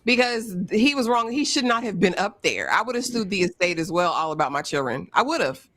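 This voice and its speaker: A woman's voice: mid-range voice, expressive, a little fast, fairly bright tone, dry recording. Blunt woman with a dry sound. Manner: opinionated, blunt. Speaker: co-host. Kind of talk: casual live recap chat.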